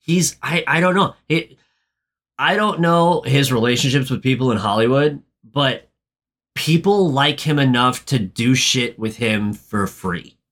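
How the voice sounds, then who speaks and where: A man co-hosting a podcast, chatting about a movie with dry quips and quick, stumbling asides. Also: medium pitch, fairly bright tone. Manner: dry, wry quips, often rushed asides. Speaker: podcast co-host. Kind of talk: casual movie-recap chat.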